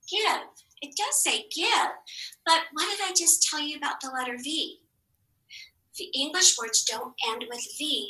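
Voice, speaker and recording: Woman, teacher, phonics lesson, high voice, crisp and bright, echoey room, mic set back. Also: distant mic. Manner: encouraging, drawn-out modeling of sounds, many whispered asides.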